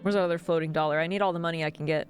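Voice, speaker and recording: A woman's voice: low voice, fairly even intonation, racing, faint music behind. A woman streamer giving playful, giggly let's play commentary with jokey asides. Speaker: game streamer.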